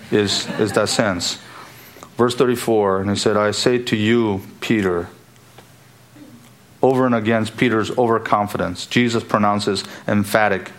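Male preacher, low voice, emphatic sermon delivery, repeats key phrases.

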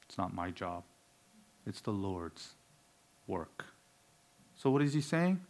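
A man preaching a sermon, swinging between loud, emphatic declarations and low, quiet asides.

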